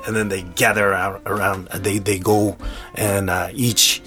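A man's voice: fairly low pitch, flat delivery, normal speed, bright, forceful tone, soft background music. A man hosting a podcast, telling a folk tale in a casual, chatty way and laughing often. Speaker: storyteller and podcast host. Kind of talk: casual storytelling.

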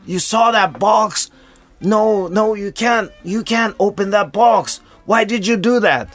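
A man's voice: sits high, takes it slowly, fairly bright tone, faint music behind, voice pushed up, full character voice. A man voicing a baffled young husband who protests in a raised, flustered voice. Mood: protesting.

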